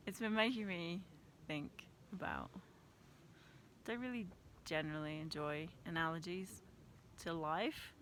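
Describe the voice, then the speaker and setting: A woman's voice: fairly low pitch, slow, long pauses, a bit bright, slight background noise. Chatty woman musing on a mountain trek. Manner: chatty, laughs often, self-deprecating. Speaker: vlogger. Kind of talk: casual reflective vlog. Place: mountain trail outdoors.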